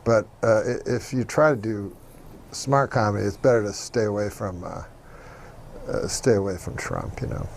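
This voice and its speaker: A man talking casually in an interview, halting with many fillers. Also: lowish voice, vocal fry, darkish tone, slight background noise. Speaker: guest.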